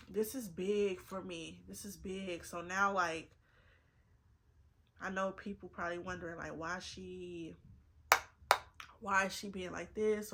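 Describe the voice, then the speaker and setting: A woman's voice: mid-range voice, sharp tone. A woman in her twenties chatting earnestly to camera while getting ready, repeating herself for emphasis and fighting back tears. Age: 20s. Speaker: vlogger. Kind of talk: casual get-ready-with-me chat.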